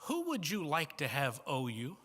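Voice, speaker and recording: A man with a Midwestern American accent preaching a sermon as guest preacher, telling stories and moving between soft asides and emphatic points. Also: a little high, huge pitch swings, moderate pace, breathy edge. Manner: storytelling with shifts from soft to emphatic. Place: church banquet hall. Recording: reverberant banquet hall.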